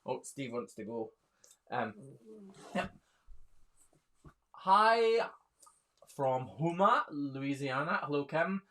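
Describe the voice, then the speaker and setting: A man's voice: mid-range voice, animated, a little slow, fairly bright tone. A man, a hoof trimmer chatting casually on a live stream, reading viewer questions aloud and laughing often. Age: 30s.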